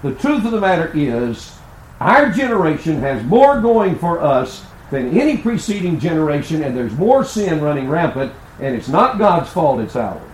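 A male preacher delivers a sermon full of folksy, humorous stories. His voice sits fairly high and swings up and down with animated energy. The sound carries the roomy echo of a large church hall. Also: normal speed, slight background noise. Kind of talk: sermon with humorous personal storytelling.

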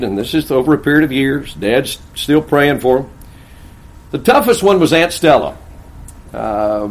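A man's voice: medium pitch, darkish tone, a little hiss or hum. Folksy male preacher in echoey church. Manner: folksy, humorous storyteller. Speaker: pastor. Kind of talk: sermon storytelling. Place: church sanctuary.

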